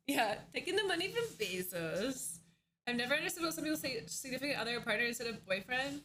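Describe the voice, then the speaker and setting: A woman's voice: high-pitched, very animated, fast talker, sharp tone, slight background noise. A young woman streaming live from home, chatting casually with viewers, greeting them and laughing often.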